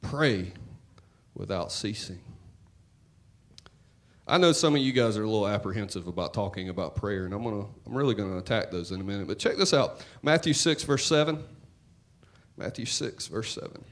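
A pastor with a mid-range voice preaches a sermon in church. He talks to the congregation in a conversational, joking way, swinging between loud and hushed.

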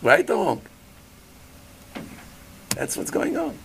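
Animated man preaching. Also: high voice, takes it slowly, gravelly, background noise. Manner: animated preacher, acts out voices, asks the audience questions. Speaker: rabbi giving a Torah class. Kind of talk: sermon.

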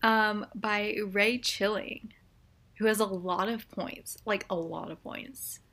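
Relaxed, chatty young woman. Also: mid-range voice, slow. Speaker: co-host. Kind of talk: casual chat.

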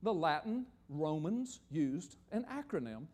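High-voiced older pastor preaching. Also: male voice, measured pace. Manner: animated, joking, asks the audience questions. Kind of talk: sermon teaching with slides.

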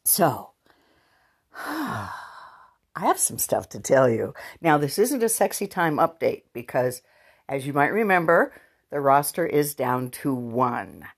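A woman's voice: extremely low pitch, big pitch swings, measured pace, slightly rough. A woman vlogger chatting candidly to her viewers in a frank, casual way, with sighs and laughs. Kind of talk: casual chat to camera.

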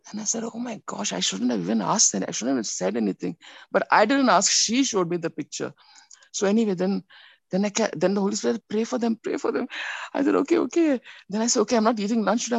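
Gravelly-voiced woman telling a spiritual story. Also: medium pitch, no room sound. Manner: rambling, animated storytelling with many restarts. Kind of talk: personal testimony.

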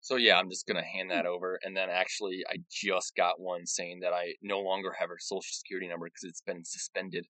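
Man, podcast co-host, low voice, wry and sarcastic, dry close sound. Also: level tone, fairly quick, few pauses, bright, forceful tone, dry recording, rough recording. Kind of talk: casual chat.

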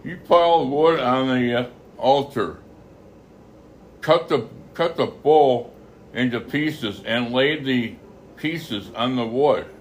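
A man reading a Bible passage aloud, halting often to repeat and correct his phrases. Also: mid-range voice, slight background noise. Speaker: scripture reader.

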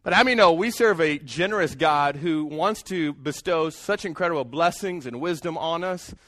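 A man delivers a sermon, often asking the congregation to answer back. His voice sits somewhat high. The sound is dry and close. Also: normal speed, a bit bright, no room sound. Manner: calls out to the congregation for responses. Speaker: pastor.

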